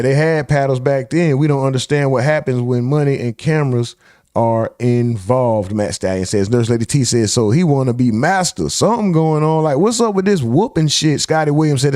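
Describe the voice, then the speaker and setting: A man's voice: medium pitch, moderate pace, dark tone, no echo, clean studio sound. A young man hosting a live reaction stream, reacting in disbelief, swearing and reading chat comments aloud.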